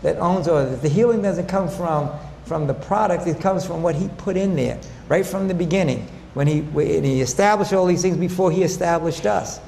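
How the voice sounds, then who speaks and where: A man with a high, gravelly voice preaches health and faith to a live audience, throwing questions at them and acting out both sides of arguments. His voice carries a long hall reverb over faint room ambience. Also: normal speed, few pauses, a little hiss or hum. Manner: animated, asks audience questions, acts out dialogue. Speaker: health lecturer. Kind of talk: faith-based health talk.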